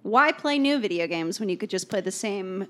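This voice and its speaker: A woman with a middle-range voice co-hosts a relaxed podcast. She tells stories in a rambling, filler-heavy way and often backtracks mid-sentence. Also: medium pitch, moderate pace. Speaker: podcast co-host. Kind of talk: casual chat.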